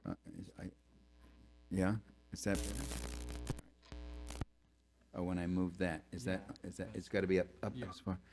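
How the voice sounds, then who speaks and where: A man lecturing in a college hall, his voice sitting on the lower side. He talks with dry, sardonic mockery and tosses out grumbling asides. A faint hiss of noise runs under the handheld mic. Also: flat delivery, normal speed, long pauses, a little mellow. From New York. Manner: sardonic, mocking, wry complaining asides. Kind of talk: public talk to an audience. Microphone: handheld microphone that keeps cutting out.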